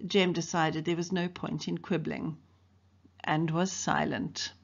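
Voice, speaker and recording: A woman's voice: low voice, flat delivery, slow, gravelly, highs cut off. A woman English teacher from South Africa reading a novel aloud to her students, lifting her voice for the characters' dialogue. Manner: reads dialogue in brighter, livelier voices for the characters.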